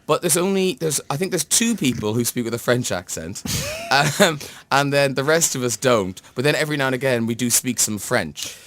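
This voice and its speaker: A male actor on a radio show pokes fun at himself and laughs easily while chatting. He has a mid-pitched, very lively voice, and the studio sound is close and dry. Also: moderate pace, no room sound. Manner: self-deprecating, laughs often. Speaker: guest, stage actor. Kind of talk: casual studio chat.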